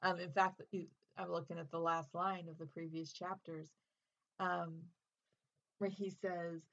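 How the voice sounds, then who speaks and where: A woman's voice: on the low side, flat delivery, measured pace, creaky, a bit bright, lo-fi sound. A woman English teacher hosting a literature podcast, giving a casual spoken lesson in an earnest, chatty way with fillers.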